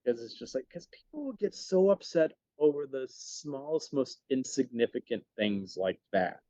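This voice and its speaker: Animated man telling stories on a podcast. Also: mid-range voice, dry recording. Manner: animated, lots of quick restarts. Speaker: actor, podcast guest. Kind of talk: casual chat, storytelling. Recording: dull dry sound.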